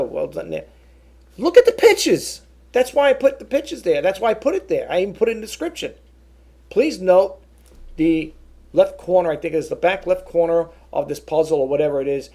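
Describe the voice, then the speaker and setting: A man's voice: on the high side, vocal fry, dark tone. A middle-aged man telling an indignant story in a casual vlog, rambling and often restarting his words. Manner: indignant storytelling, quoting both sides of a phone call. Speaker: vlogger.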